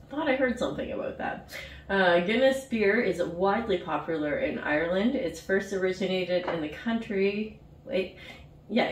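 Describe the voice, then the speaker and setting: A bubbly, chatty woman talking to her viewers at home, giggling and fumbling her numbers. Her voice sits at an everyday middle pitch and rings around a roomy space. The mic is set some distance away, with a faint hum of room noise behind her. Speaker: vlogger reviewing a snack box. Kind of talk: casual chat to camera.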